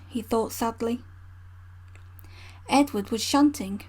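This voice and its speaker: A woman narrating a children's storybook in a gentle read-aloud manner. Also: on the high side, measured pace. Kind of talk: storybook reading.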